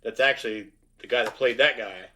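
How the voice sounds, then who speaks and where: A man's voice: mid-range voice, a little fast, bright, forceful tone, a little hiss or hum. A young man hosting a reaction show, chatting casually and swearing often. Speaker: host of a reaction channel. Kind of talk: casual chat.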